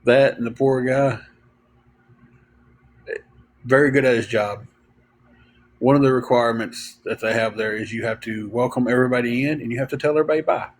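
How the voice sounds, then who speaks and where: A man's voice: mid-range voice, brisk, long pauses, slight background noise, rough recording. A man, hosting a livestream and telling rambling stories to viewers, full of fillers and chuckles. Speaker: livestream host. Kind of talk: casual storytelling to viewers.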